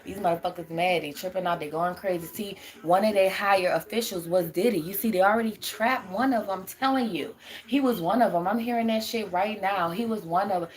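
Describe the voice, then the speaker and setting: A woman's voice: mid-range voice, fairly quick. A young adult woman on a live stream who rambles, swears and laughs often while answering her chat as a spiritual reader.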